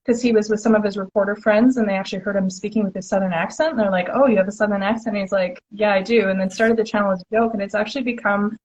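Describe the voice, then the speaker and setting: An enthusiastic woman hosts a relaxed interview and chats eagerly, scattering filler words as she goes. Her voice sits at a middle pitch. The audio is dull and lo-fi. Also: very fast, few pauses. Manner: enthusiastic, chatty, many "like" fillers. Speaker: host. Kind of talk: casual interview chat.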